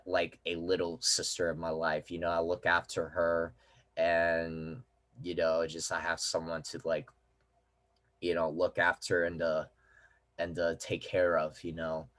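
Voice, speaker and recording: A young man talking to his viewers in a casual, rambling vlog, repeating himself and filling pauses with "um" and "you know.". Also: sits low, fairly bright tone. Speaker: vlogger.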